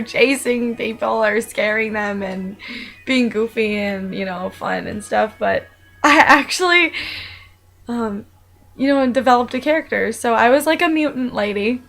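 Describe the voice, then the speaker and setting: A woman's voice: a little high, measured pace, creaky, fairly bright tone, soft background music, rough recording. A young adult woman talking casually about her own life, rambling and chatty with many fillers and restarts. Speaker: vlogger. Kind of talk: casual personal monologue.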